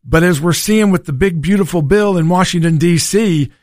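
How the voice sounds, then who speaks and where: A man's voice: high-pitched, normal speed, a little mellow, no room sound, clean studio sound. A man hosting a political talk radio show, folksy and combative in his delivery. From Tennessee.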